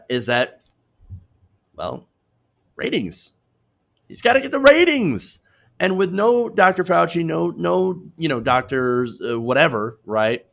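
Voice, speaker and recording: Man, political commentary host, sarcastic, chatty, swooping animated delivery. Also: medium pitch, gravelly. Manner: animated, sarcastic, laughs at own jokes.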